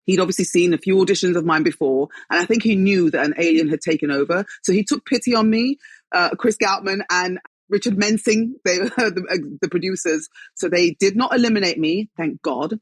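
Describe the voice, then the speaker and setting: A British woman, a guest actress, chatting in an interview and telling lively stories with frequent laughter. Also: on the low side, a little fast, slightly rough, dry recording. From Britain. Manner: lively storyteller, laughs often. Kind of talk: casual interview chat.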